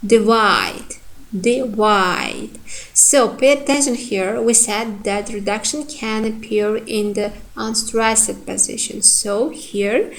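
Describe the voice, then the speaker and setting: A woman teaching phonetics in a careful lecture, saying each example word twice and pausing often with fillers. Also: medium pitch. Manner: slow, careful, repeats example words twice. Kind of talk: lecture on vowel reduction.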